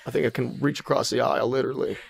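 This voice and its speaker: A man's voice: mid-range voice, fairly even intonation, racing, gravelly. A man doing an impression of a sly, folksy politician with a Southern US accent, wheedling his way into a deal. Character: sly Southern trickster politician ordering fast food.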